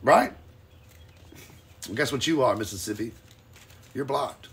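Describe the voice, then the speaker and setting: Gravelly, husky fiery preacher man. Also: medium pitch, lively intonation. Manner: fiery and emphatic, with sudden loud and quiet swings; reads scripture slowly and deliberately. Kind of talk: live-streamed Bible teaching.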